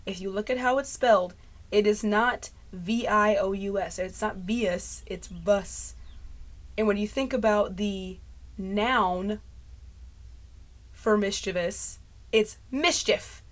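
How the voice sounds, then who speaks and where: A woman's voice: mid-range voice, a little slow. A woman vlogging in casual chat, rambling in a stream of consciousness and laughing at herself. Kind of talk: casual talking-head chat. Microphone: mic close to clipping.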